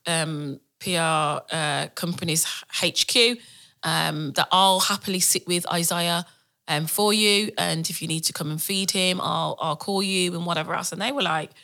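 A woman in her thirties, a podcast guest, telling her story in a lively way. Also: on the low side, normal speed, gravelly. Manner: animated storytelling with laughs and acted quotes. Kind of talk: casual interview talk.

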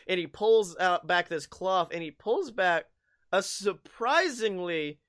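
A man's voice: high voice, lively intonation, takes it slowly, a bit bright. A man hosting a podcast, recapping a movie in a rambling, profane way with frequent laughs. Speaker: podcast host. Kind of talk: casual chat recapping a movie.

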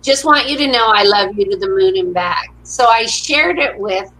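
A bright, forceful mid-range voice comes from a middle-aged woman speaking expressively at normal speed. The audio is poor, with a faint hiss or hum. She's a motivational speaker in a casual interview, recounting cheerful stories and voicing the quotes herself.

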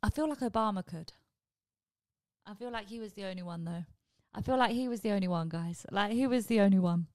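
A woman hosting a comedy podcast, telling a rambling, animated story and swearing freely. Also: mid-range voice, fairly quick, no echo. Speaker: podcast host. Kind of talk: comedic monologue.

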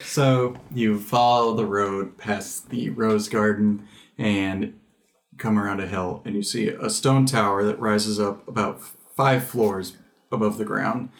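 A man narrating a tabletop game as game master in a measured, descriptive way. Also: lowish voice, steady tone.

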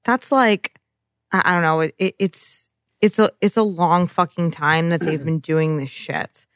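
A young woman co-hosting a podcast, rambling excitedly and swearing as she talks about a TV episode. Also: fairly low pitch, a little slow, no echo, studio quality. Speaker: podcast co-host. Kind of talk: casual podcast chat recapping a TV episode.

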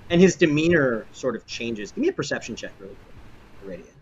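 A man's voice: mid-range voice, very animated, quick pace, dull audio, a little hiss or hum. A man narrating as game master of a tabletop game, in a rambling, filler-heavy way.

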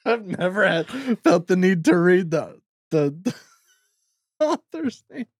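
A man's voice: high-pitched, big pitch swings, unhurried, no room sound, clean studio sound. A man co-hosting a casual book podcast, laughing often and talking with many fillers and self-deprecating asides. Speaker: podcast co-host. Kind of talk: casual chat about a book.

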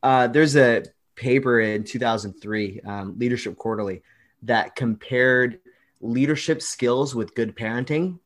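A man in a mid-pitched voice explaining research as a podcast guest. He is enthusiastic and emphatic, a self-described nerd who clearly enjoys the details. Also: a little slow.

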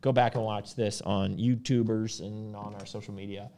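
A man's voice: fairly low pitch, normal speed. A man co-hosting a casual podcast about supplements, talking loosely with fillers and restarts. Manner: relaxed, rambling with fillers and restarts. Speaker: podcast host.

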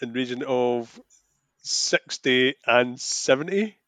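A man's voice: mid-range voice, slow, fairly bright tone, dry recording. A man co-hosting a film podcast, talking in eager, run-on casual chat. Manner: chatty, enthusiastic, talks in run-on thoughts. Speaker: podcast co-host.

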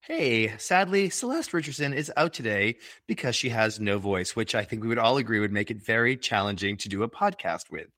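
Bright-voiced upbeat male podcast host. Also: lowish voice, lively intonation, a little fast, few pauses, no room sound, clean studio sound. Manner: upbeat, laughs often. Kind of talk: scripted casual podcast banter.

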